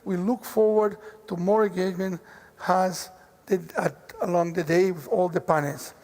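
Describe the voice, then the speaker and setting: Male speaker, formal and measured, high and gravelly voice, reverberant conference hall. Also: fairly even intonation, a little mellow. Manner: measured, with restarts while listing colleagues. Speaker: bank president giving a speech. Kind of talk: formal forum speech.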